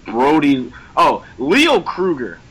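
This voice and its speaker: A man's voice: on the high side, wildly swooping pitch, slow, a bit bright, breathy edge, low-quality recording. A man chatting casually about wrestling as a podcast co-host, laid-back and slangy.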